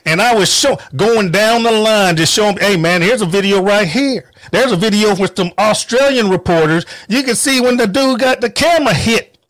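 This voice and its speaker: A man's voice: high voice, normal speed, a bit bright, no echo. A man venting in an angry, profane political rant, heated and emphatic. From North Carolina, US. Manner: mocking quoted voices.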